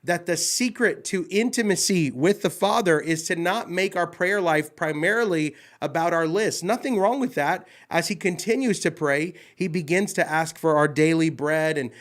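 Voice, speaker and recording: A man's voice: on the high side, moderate pace, hardly any pauses, a bit bright. A man hosting a devotional talk show, fired up and emphatic, often repeating himself as he speaks. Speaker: host.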